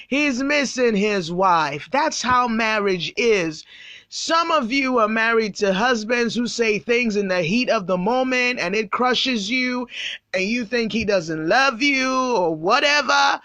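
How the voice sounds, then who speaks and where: A woman pastor delivers a Bible teaching with emphatic, repetitive phrasing that drives each point home. Her voice is bright and forceful. The recording is dry with no room sound. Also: on the high side, lively intonation, takes it slowly, no echo. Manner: emphatic, repeats phrases for stress.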